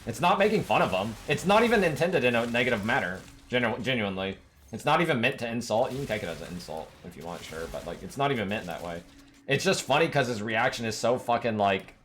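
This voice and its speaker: A man's voice: mid-range voice, a bit bright, slight background noise. Swearing male streamer ranting. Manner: profane, emphatic rambling rant. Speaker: game streamer. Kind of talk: casual livestream chat.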